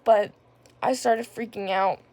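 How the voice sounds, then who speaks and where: A woman's voice: mid-range voice, steady tone, unhurried, darkish tone. A young woman casually telling a personal story on her vlog, rambling with lots of filler words. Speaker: vlogger.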